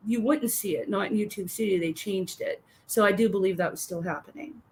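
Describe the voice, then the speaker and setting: A woman's voice: medium pitch, fairly quick, a little mellow. A woman co-hosting a livestream, chatting casually and rambling, with free swearing. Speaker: livestream co-host.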